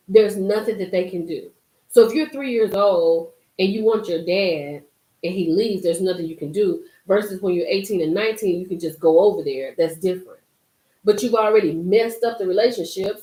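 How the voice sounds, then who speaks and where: A woman hosting a casual live-stream commentary, emphatic and animated, reading and reacting to viewer comments. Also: on the low side. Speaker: YouTube commentary host. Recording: roomy echo.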